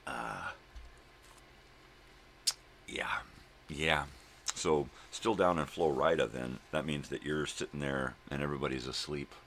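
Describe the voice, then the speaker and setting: A man's voice: extremely low pitch, a little slow, gravelly, long pauses, a bit bright, a little hiss or hum. An older man rambling casually to viewers from home in the early morning, profane and drifting between thoughts. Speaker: daily vlog host.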